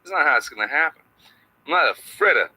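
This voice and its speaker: A man doing a satirical impression of an older male actor as a podcast guest, speaking in halting phrases with odd pauses. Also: fairly high pitch, lively intonation, sharp tone, slightly rough, pitched above the performer's own voice, heavily acted, rough recording. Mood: storytelling.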